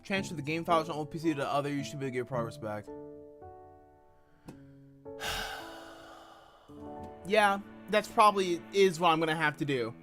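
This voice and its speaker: A woman's voice: deep voice, expressive, brisk, long pauses, over music. A woman streaming a game live, talking bluntly to her chat and swearing heavily in frustration.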